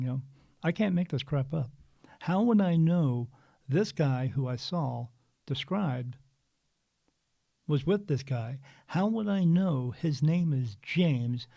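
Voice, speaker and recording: A man in his fifties, a spiritual medium guest, telling a story in an earnest, animated way with frequent restarts. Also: a little high, vocal fry, no echo. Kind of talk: casual storytelling interview.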